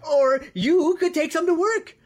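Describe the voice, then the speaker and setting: A woman's voice: extremely high pitch, measured pace. A young woman acting an eager, flustered novice baker in a comedy, tumbling over her words. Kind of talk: comedic radio drama acting.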